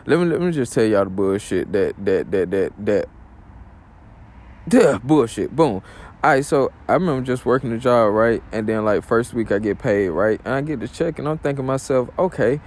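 A man's voice: medium pitch, animated, normal speed, darkish tone. A man hosting his own podcast in a loose, rambling monologue, heavy on slang and fillers. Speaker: podcast host. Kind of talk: casual monologue.

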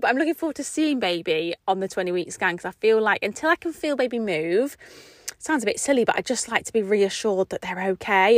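This young woman hosts a solo podcast, and her mid-range, fairly bright voice comes through clean studio sound with no echo. She chats casually and rambles, using lots of fillers and sounding a little short of breath.

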